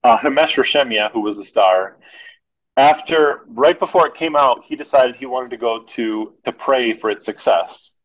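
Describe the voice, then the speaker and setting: A man, a podcast guest, telling animated anecdotes in a casual storytelling way. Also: mid-range voice, moderate pace, highs cut off.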